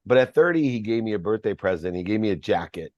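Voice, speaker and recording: A man's voice: fairly low pitch, expressive, fast, a little mellow, dry recording, muffled recording. A man, a podcast guest, telling a personal story in an earnest, reflective way.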